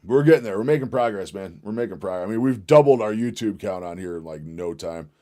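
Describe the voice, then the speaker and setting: A man's voice: on the low side, fast talker. A man hosting a casual livestream, rambling and swearing as he reacts to clips. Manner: profane, rambling, excitable. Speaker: livestream host.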